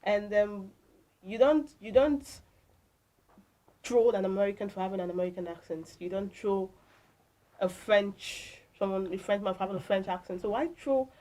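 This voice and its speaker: Nigerian woman, morning-show co-host, chatty and opinionated, mid pitch. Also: normal speed, dark tone, poor audio. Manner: reads out tweets, chatty and opinionated. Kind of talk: casual breakfast show chat.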